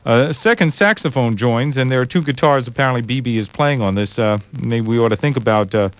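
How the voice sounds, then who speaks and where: A man hosting a radio program, giving measured, thoughtful commentary on old recordings with frequent pauses and hesitations. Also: mid-range voice. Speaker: radio host. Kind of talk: radio jazz history commentary.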